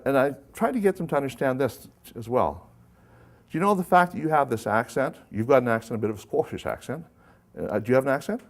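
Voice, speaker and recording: A man presenting a live workshop to an audience, talking conversationally and putting questions to the room. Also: medium pitch.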